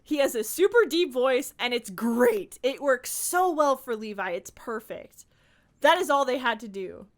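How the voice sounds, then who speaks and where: A young woman streamer giving casual, animated gaming commentary, ranting and giggling. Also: fairly high pitch, unhurried.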